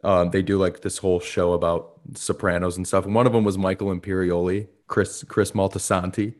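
A man's voice: low voice, little pitch movement, fairly quick. A man chatting casually on a podcast, telling stories with swearing and laughter. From United States. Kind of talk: casual chat.

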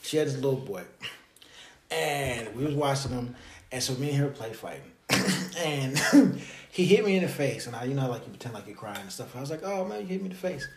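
A man in his thirties, a podcast co-host in casual chat, telling stories with jokes and a deadpan streak. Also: medium pitch, normal speed, slight background noise. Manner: animated, joking storyteller with a deadpan streak. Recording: echoey room.

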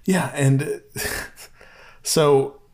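A man's voice: on the high side, fairly even intonation, drawn-out words, darkish tone. A man co-hosting a casual podcast, retelling scenes with wry humor and mocking quoted voices. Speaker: podcast co-host. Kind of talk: casual movie review chat.

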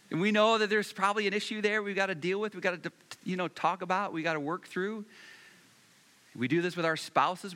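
A man preaching a sermon as pastor, repeating phrases for emphasis and slowing down and rising in volume on key points. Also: high voice, sharp tone.

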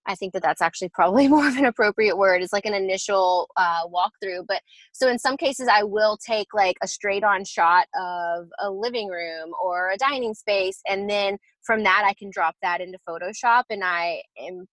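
A woman's voice: medium pitch, normal speed, a bit bright, no echo, poor audio. A woman interior designer explaining her work process in a casual interview, chatty and full of fillers and restarts.

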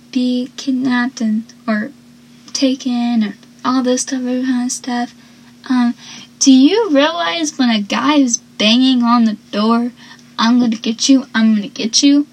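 On a low-quality recording, a woman with a high, husky voice casually walks through a TV episode recap. She says "like" constantly and performs the characters' lines.

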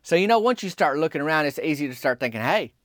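Man, folksy deadpan storyteller, slightly high voice, dry recording. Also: racing, no echo.

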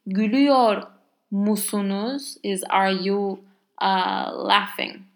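Taking it slowly in a medium-pitched voice, a woman teaches grammar in a relaxed language lesson. She's a native Turkish speaker with a Turkish accent, and her explanations are full of fillers and exaggerated example words.

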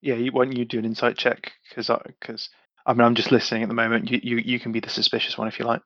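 A man playing a tabletop game, talking in character in a blunt, sweary, lively way. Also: mid-range voice, fast talker, dry recording, lo-fi sound. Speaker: player.

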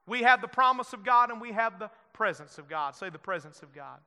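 A man preaching a Pentecostal-style sermon, moving between shouted scripture and hushed, intimate storytelling. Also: sits high, expressive, brisk. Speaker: pastor. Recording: long church hall reverb.

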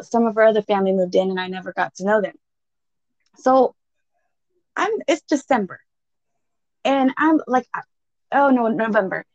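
A woman's voice: medium pitch, no room sound. A woman in her thirties, a podcast co-host, telling a story in casual chat, full of swearing and laughter. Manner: profane, laughing, animated storyteller. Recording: dull, dry lo-fi sound.

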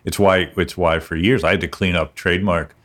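A man's voice: low-pitched, steady tone, fairly quick, fairly bright tone. A man co-hosting a podcast, talking casually and playfully, often restarting his sentences. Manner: rambling, self-interrupting, playful. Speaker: podcast co-host, music business lawyer.

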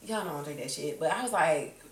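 A woman's voice: low-pitched, lively intonation, a little fast, far from the mic. A woman hosting a podcast, chatting casually with friends and telling a story animatedly, swearing freely and acting out the people she quotes. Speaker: podcast host. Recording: roomy, a bit off-mic.

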